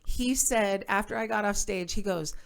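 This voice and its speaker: A woman from New York, a guest comedian, telling stories on a podcast in an animated, profane way. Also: mid-range voice, moderate pace, creaky. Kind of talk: casual podcast chat.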